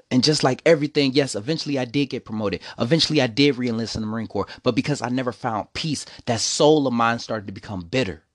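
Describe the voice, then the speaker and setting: A man's voice: mid-range voice, fast, few pauses, no echo, clean studio sound. Emotional man telling his own story. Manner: emotional, preachy, repeats "see, the thing is". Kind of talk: personal storytelling monologue.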